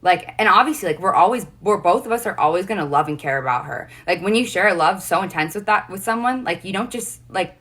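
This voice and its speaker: A young woman with a low-pitched voice tells a long personal story in a casual chat. Her tone is forceful and edged, and her telling is earnest and rambling, with many fillers and restarts. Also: lively intonation, fast, hardly any pauses. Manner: emotional, earnest.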